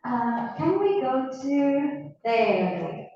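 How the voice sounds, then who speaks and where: Slow-talking teacher with an Argentine accent. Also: female voice, high-pitched, big pitch swings, warm tone, a little hiss or hum. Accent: Argentine Spanish. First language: Spanish. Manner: slow, encouraging, asks questions and repeats words. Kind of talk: classroom lecture. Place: university classroom. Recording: echoey classroom, distant mic, dull sound.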